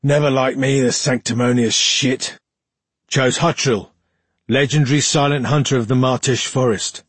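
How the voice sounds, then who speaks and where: A man voicing a drunken, bitter older male tracker who slurs and grumbles, with a very husky voice. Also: medium pitch, fairly even intonation, moderate pace, no room sound, close to an everyday voice. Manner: slurred, grumbling.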